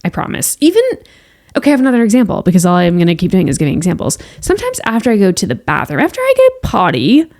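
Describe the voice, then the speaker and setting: A woman's voice: medium pitch, huge pitch swings, quick pace, darkish tone. Chatty, reassuring woman podcast host. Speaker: healthcare worker with patients. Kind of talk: casual solo podcast monologue.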